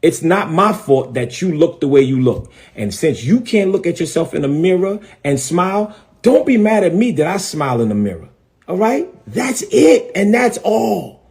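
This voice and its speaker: Emphatic, animated New preacher. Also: male voice, a little high, moderate pace. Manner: emphatic, repeats phrases, defiant. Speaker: bishop and preacher. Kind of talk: live-stream rant.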